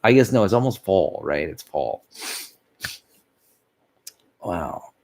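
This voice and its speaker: Speaking slowly in a low, animated voice, a tired man rambles through a casual vlog. He yawns, meanders, loses his thread and lets out soft laughs at himself.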